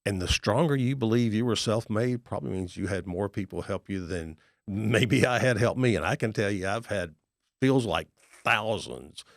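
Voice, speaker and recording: A middle-aged man with a very deep, gravelly voice tells stories in a podcast interview. He acts out the voices of the people he talks about in a folksy way. The recording is close and dry. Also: moderate pace, no echo. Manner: folksy, animated storyteller acting out dialogue. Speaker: guest, real estate investor and author.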